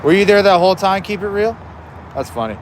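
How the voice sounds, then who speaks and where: Outdoors beside his smoker, a man hosts a casual livestream, chatting bluntly with viewers and swearing freely. His voice sits high, animated and a little fast, with a bit of hiss or hum in the audio.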